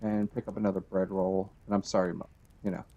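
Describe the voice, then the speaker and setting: A man giving a rambling, chatty let's-play commentary on a game, trailing off and restarting, with sudden excited jumps in pitch. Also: a little fast, dull audio. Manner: excited bursts of high pitch at discoveries. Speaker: gaming channel host.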